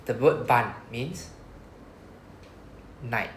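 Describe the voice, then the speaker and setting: A man's voice: mid-range voice, expressive, very slow. A man with a Singaporean English accent teaching Japanese to a class, explaining patiently and often checking with "right?". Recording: echoey classroom, faint noise.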